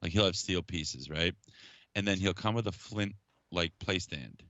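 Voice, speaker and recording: A man co-hosting a casual toy podcast, eager and quick to laugh. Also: sits low, a bit bright, dry recording, dull audio. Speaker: podcast co-host. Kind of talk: casual chat about toys.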